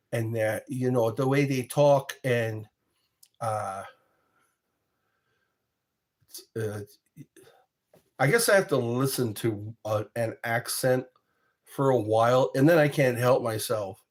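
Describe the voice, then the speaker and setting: A mid-range male voice, unhurried and pausing often, carries a casual storytelling vlog. He rambles, laughs softly to himself, and interrupts his own sentences.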